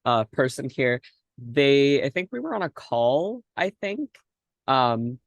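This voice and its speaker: A man's voice: medium pitch, big pitch swings, slow pace, vocal fry, dry recording. A young man hosting a casual podcast chat, giggly and rambling with lots of fillers. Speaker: podcast host.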